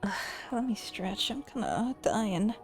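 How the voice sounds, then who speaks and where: A woman's voice: mid-range voice, a little slow, soft background music. A young woman from the Philippines with an American accent, chatting playfully on a live stream, laughing often and swearing casually.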